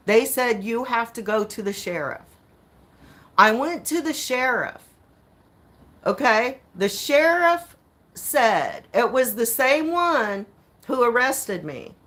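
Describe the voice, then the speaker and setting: A woman telling viewers an animated, indignant story about her court case, acting out the exchanges and swearing now and then. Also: a little high, slow pace, pauses often.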